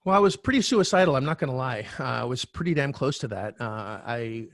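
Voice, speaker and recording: A middle-aged man, a real estate coach, telling a candid personal story as a podcast guest, animated and swearing now and then. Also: mid-range voice, fairly quick, no echo, studio quality. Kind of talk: storytelling interview talk.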